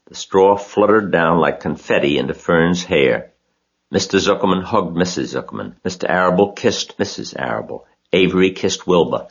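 Male audiobook narrator, deep and steady, lo-fi sound. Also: moderate pace, vocal fry, husky. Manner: steady, expressive reading.

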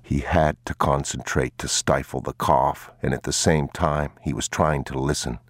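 A man reading a story aloud in a slow, grave, hushed manner. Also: rumbling low, steady tone, no echo, studio quality. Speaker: narrator. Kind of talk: audiobook narration.

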